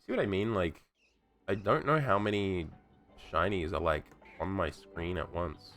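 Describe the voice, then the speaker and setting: A man with a sore throat chats while streaming a game, profane and rambling, mostly talking to himself. He has a low-pitched, fairly bright voice at normal speed, and faint music plays in the background.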